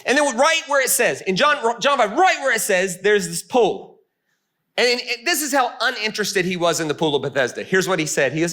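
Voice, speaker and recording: A man preaching a storytelling sermon to a room of people. His high voice swoops widely as he jokes and punches his lines. The tone is bright and forceful. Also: brisk. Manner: animated, comic, punchy. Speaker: pastor. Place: meeting room before an audience.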